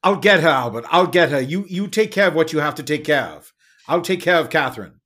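Brave rescuer, loud and resolute, played by a man. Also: fairly high pitch, lively intonation, a little fast. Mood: determined.

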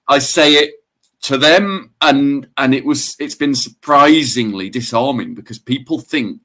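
A man's voice: mid-range voice, a bit bright. Male co-host, mid-range voice, chatty with dry self-mocking humour. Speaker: podcast co-host. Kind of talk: casual advice podcast chat.

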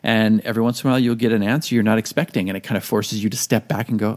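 A man hosts a solo podcast in a loose, conversational monologue. His voice sits a little low, and he now and then acts out his own inner voice and swears in passing. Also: very fast, hardly any pauses, a little mellow. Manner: casual, conversational, drops into quoted self-talk; occasional swearing. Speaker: podcast host.

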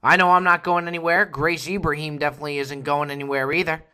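A man hosting a solo comedy podcast, telling stories with loud bursts and low asides and casual swearing. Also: little pitch movement, fast, clean tone. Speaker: podcast host. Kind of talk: comic solo podcast monologue.

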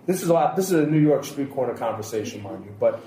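A man's voice: mid-range voice, expressive, quick pace, a loud crowd. A man co-hosting a podcast, telling long anecdotes and quoting what others said, in a casual roundtable chat. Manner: storytelling, long anecdotes with quoted dialogue. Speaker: podcast co-host. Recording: roomy echo, faint background hiss.

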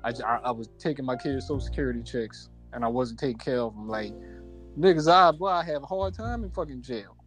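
A man's voice: mid-range voice, quick pace, faint music behind. A man as a podcast guest, venting animatedly and cursing freely in casual chat.

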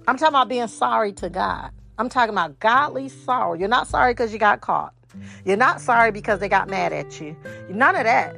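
A middle-aged woman preaches a sermon, repeating key words and turning to her listeners with direct questions. Her voice has a gravelly fry at the bottom of its middling pitch. Faint music plays beneath her. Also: fairly bright tone.

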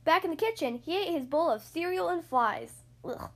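Expressive woman reading to kids. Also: very high voice, normal speed, few pauses. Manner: expressive, sing-song narration. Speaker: podcast host reading aloud. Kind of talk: children's storybook read-aloud.

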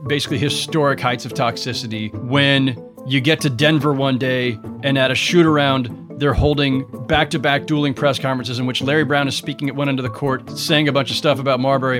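A sports journalist being interviewed, telling stories in an animated, emphatic way. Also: male voice, medium pitch, brisk, over music. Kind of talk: interview recollection.

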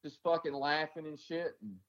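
A man's voice: a little high, moderate pace, a bit bright, highs cut off. A man from the American South, an army veteran, telling his stories bluntly in a casual interview, swearing often and rambling with many fillers.

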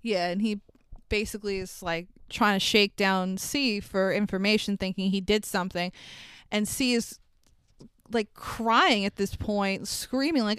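A woman casually recapping a film with a co-host, animated and swearing, acting out the lines she quotes. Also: mid-range voice, unhurried, clean tone, no echo, studio quality.

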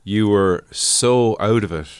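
A man's voice: fairly low pitch, slow pace, clean tone, dry recording. A man teasing and mock-questioning a co-host on a comedy podcast. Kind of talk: improvised comedy podcast banter.

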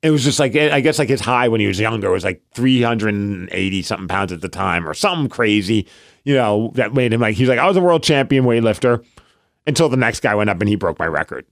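This co-host of a relaxed podcast is a man in his thirties with a lowish voice and a quick pace. His storytelling is animated and self-deprecating, with him performing his own private reactions.

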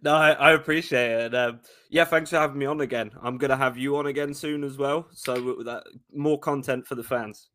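A man's voice: mid-range voice, steady tone, a little fast, few pauses, fairly bright tone, a little hiss or hum. A man from South London with a London accent, a podcast guest joking and confidently talking through the game. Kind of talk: casual sports podcast chat.

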